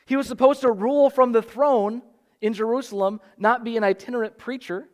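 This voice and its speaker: A man's voice: very high voice, steady tone, brisk. A middle-aged man preaching a sermon, telling stories and acting out the voices of the people he quotes. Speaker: pastor.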